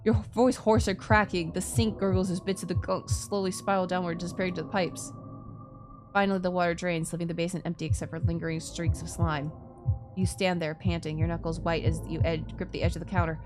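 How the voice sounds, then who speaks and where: A woman streamer narrates a horror game in an expressive voice, dropping low and hushed for the grim passages. She breaks into loud, startled reactions to what happens on screen. Music plays clearly in the background. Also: brisk.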